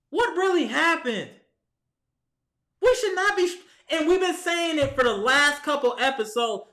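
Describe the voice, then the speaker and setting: In an echoey room at home, recorded on a camera mic, a high-voiced, bright-toned sports vlogger delivers a ranting fan commentary. He's heated and exasperated, addressing his team's players as if they could hear him.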